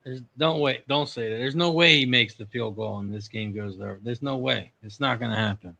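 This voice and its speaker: A man's voice: medium pitch, moderate pace, creaky, bright, forceful tone. A man co-hosting a live sports show, emphatic and trash-talking, reacting like a fan. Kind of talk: excited fan chat.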